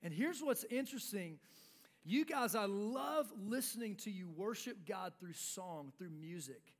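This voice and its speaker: A man preaching a sermon to young people, reading scripture aloud and then restating it in casual words, with dramatic pauses and a drop to a hush on key lines. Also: sits high, lively intonation.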